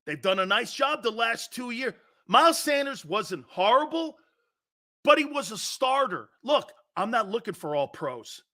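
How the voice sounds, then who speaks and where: A combative male sports talk host with a high, bright voice that swings wildly up and down. He fires off rhetorical challenges in an opinionated rant. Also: very animated, unhurried.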